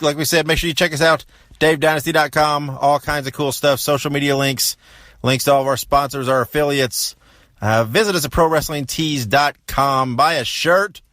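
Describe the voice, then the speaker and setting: A man hosting a podcast, wrapping up with quick thank-yous and promotion. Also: mid-range voice, fairly bright tone, dry recording. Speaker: podcast host. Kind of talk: upbeat podcast outro.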